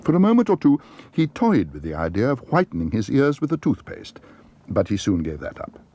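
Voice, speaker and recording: Give me a man with a low voice reading a children's story, very animated in pitch. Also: a little fast. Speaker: narrator. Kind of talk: storybook narration.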